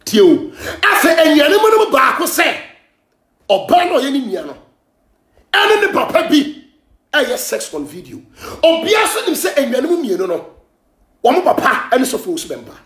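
A Ghanaian man hosting a gossip show, ranting and scolding in heated commentary, often shouting, switching between Twi and English. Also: very high voice, big pitch swings, normal speed, reverberant.

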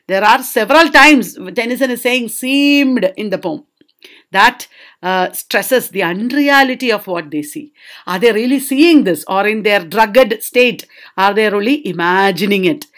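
Slow, high-voiced woman teaching poetry. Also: a bit bright. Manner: slow, drawn-out poetry reading with checking questions to students. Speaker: literature teacher. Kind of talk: spoken literature lesson with poem reading.

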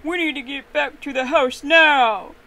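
A woman voicing a fussy, indignant father bear who shouts and huffs in a storytelling piece. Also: high voice, measured pace. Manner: loud, huffy and indignant.

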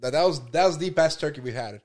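A man's voice: fairly high pitch, animated, fast. A man co-hosting a podcast, jumping into the chat with defensive, joking interjections. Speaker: podcast co-host. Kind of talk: casual chat.

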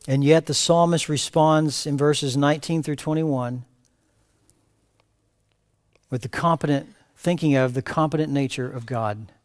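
A man preaching a verse-by-verse sermon as pastor, reading scripture aloud with rising emphatic cries and then dropping to quiet asides. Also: fairly high pitch. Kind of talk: expository sermon. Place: church sanctuary.

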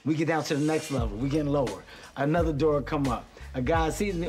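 A man's voice: fairly high pitch, brisk, soft background music. A man from Philadelphia hosting a talk show, telling a comedic story and acting out the voices in it. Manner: animated, acts out voices in his stories. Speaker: host.

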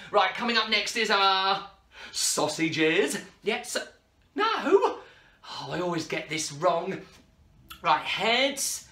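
A young adult woman hosting a children's party show, playful and giggly, calling out prompts for the kids to answer. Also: medium pitch. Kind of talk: energetic kids' show hosting. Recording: echoey room with loud music.

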